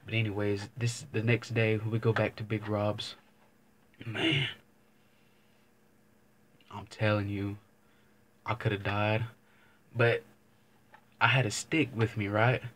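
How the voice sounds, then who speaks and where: A man's voice: fairly low pitch, little pitch movement, slow pace, long pauses, a bit bright. A young man vlogging, telling a casual story to camera, rambling and swearing, often circling back with "but anyways.". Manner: rambling, profane, keeps saying "but anyways".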